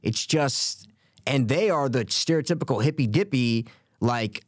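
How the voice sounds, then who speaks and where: A man co-hosting a podcast in casual chat, animated and repeating his points for emphasis. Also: a little slow, no room sound, clean studio sound. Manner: animated, acts out quotes with big pitch jumps. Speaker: podcast co-host.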